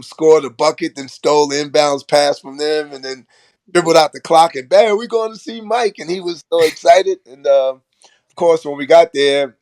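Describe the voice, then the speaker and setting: An older man from Brooklyn, telling stories as a podcast guest in a lively, chatty way. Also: a little high, clean tone, no room sound. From Brooklyn, New York. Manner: animated anecdote-telling with laughs and acted quotes. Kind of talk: storytelling in casual chat.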